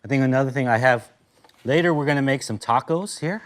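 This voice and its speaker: A man's voice: medium pitch, a little fast, background noise. An American man from Los Angeles teaching a casual cooking lesson, talkative and enthusiastic, full of asides. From Los Angeles, United States. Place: kitchen with grill.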